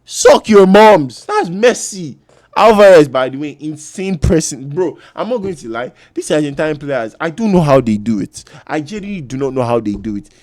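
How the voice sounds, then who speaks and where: A man reacting to a football match as a fan, loud and trash-talking, with bursts of shouting. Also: on the high side, expressive, a little fast, hardly any pauses, no room sound.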